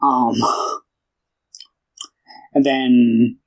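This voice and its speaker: A man's voice: medium pitch, little pitch movement, extremely slow, a little mellow, poor audio. A young man co-hosting a casual film podcast, retelling a plot in a loose, rambling way and voicing the characters' lines himself. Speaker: podcast co-host.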